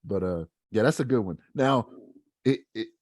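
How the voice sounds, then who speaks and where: A man with a low voice, recorded dry and close, chatting casually as a podcast co-host. He talks in a relaxed, easygoing way and often restarts with repeated words. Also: normal speed, no echo. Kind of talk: casual chat.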